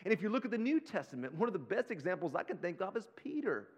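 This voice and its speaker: A man preaching a sermon as pastor, animated and conversational, talking straight to his listeners in casual slang. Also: high voice, fast talker, slightly rough. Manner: slips into casual slang like "y'all".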